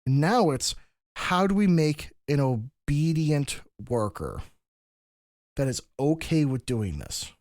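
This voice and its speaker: A man's voice: fairly high pitch, very animated, slow pace, a little mellow, dry recording. A man co-hosting a podcast, explaining history in long, rambling stretches with frequent restarts. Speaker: podcast co-host. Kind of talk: casual podcast discussion.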